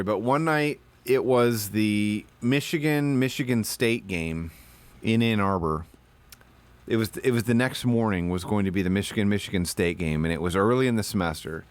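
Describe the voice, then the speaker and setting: A man's voice: medium pitch, dry recording. Profane rambling male streamer, dry sound. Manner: profane, rambling storyteller who puts on shouted voices. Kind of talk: casual livestream chat.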